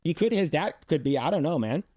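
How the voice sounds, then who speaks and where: Guy doing a reaction vid, blunt and sweary, kinda high voice, dry sound. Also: lively intonation, fairly quick, a little mellow, no echo. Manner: blunt, profane, reads comments aloud with rambling restarts. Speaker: reaction video host. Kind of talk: casual reaction commentary.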